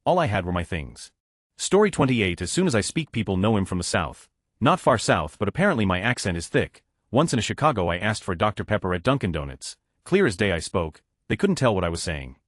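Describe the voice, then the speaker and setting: Fast, lively male story narrator. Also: fairly low pitch, no room sound, clean studio sound. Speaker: narrator of reader posts. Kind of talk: scripted narration.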